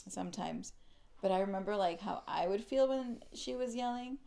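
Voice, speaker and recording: A woman's voice: mid-range voice, normal speed, gravelly, warm tone. A young woman co-hosting a podcast, chatting casually and rambling with lots of "like" fillers. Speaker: podcast co-host. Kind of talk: casual chat.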